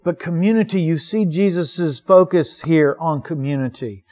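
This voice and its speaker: A man's voice: a little high, normal speed, darkish tone. A man preaching a sermon as pastor, earnest and emphatic, asking rhetorical questions and repeating key words.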